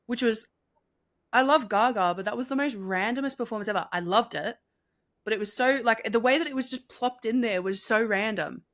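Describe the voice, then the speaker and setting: A young woman, co-hosting a casual chat, enthusiastic and quick to laugh. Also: on the high side, a bit bright. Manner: chatty, laughs often, enthusiastic. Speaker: podcast co-host.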